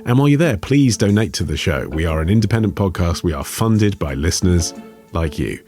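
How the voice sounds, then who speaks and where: A British man hosts the podcast, asking brief, reactive questions and wrapping up the show. His voice is very deep, with soft music faintly under it. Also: lively intonation, brisk. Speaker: podcast host. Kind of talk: interview and show outro.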